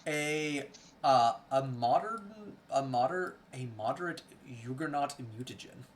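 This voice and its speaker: Man, game master, tabletop session, reads rules aloud, lots of "uh", mid-pitched voice, faint background hiss. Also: a little slow. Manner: relaxed, reads rules aloud with many fillers.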